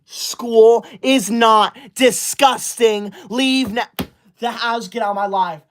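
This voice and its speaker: Comedy sketch: performer as a self-righteous young livestreamer, scolding and banning chatters in outraged shouts. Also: medium pitch, steady tone, slow pace, a little hiss or hum, lightly acted. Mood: indignant. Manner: indignant scolding, sudden shouted outbursts. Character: self-righteous school-loving young streamer, touchy.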